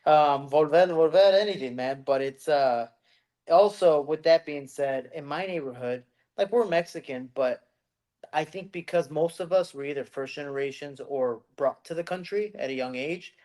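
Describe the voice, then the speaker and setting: A man from the United States with a slightly high-pitched voice, co-hosting a podcast in loose, casual chat. He rambles and circles back on himself, leaning on "like" and dropping the odd curse. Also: normal speed, darkish tone. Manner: rambling, heavy on "like" fillers, swears freely. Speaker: podcast co-host.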